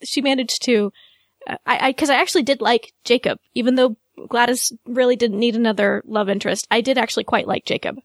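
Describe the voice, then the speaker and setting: A woman's voice: a little high, fairly even intonation, fairly quick, no echo, studio quality. A woman co-hosting a podcast in casual chat, thoughtful and careful, hedging as she talks. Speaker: podcast co-host.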